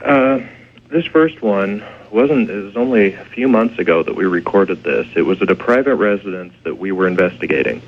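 A man, a paranormal investigator guest on radio, telling his story with hesitant pauses. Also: low voice, animated. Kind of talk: radio interview. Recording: tinny phone line.

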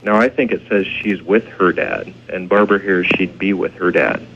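Guy calling in about ghost recordings, low voice, phone line sound, lots of uhs. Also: normal speed, slight background noise. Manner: hesitant, storytelling. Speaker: paranormal investigator guest. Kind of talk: radio interview.

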